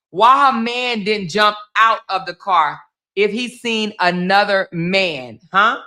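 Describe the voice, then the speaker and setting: A woman's voice: mid-range voice, a little slow, bright, forceful tone. A woman hosting a livestream, chatting with her viewers while she comments on a video. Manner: chatty, talks straight to viewers. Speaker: livestream host.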